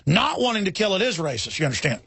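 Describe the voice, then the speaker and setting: A man's voice: high-pitched, very animated, gravelly, slightly rough, no echo. A man hosting a talk radio show, ranting indignantly and stumbling over repeated words as he argues. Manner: forceful, indignant, repeats words in rapid restarts. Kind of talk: heated talk radio monologue.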